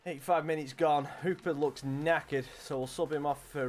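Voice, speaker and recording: A man streaming a football video game, giving jokey, excitable play-by-play and talking back to the players and referee. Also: a little high, normal speed. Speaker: gaming streamer. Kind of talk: live commentary over a football video game.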